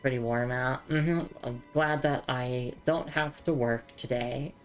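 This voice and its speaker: A woman's voice: rumbling low, fairly even intonation, measured pace, soft background music. A young Australian woman with an Australian accent, chatting casually while streaming a game, often stammering and repeating words. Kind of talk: casual live game commentary.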